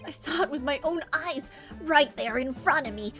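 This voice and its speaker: A woman voicing an eccentric, excitable male professor, stammering and fussy, while reading a game's dialogue aloud. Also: sits high, moderate pace, over music, close to an everyday voice. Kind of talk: voicing a video game aloud on stream.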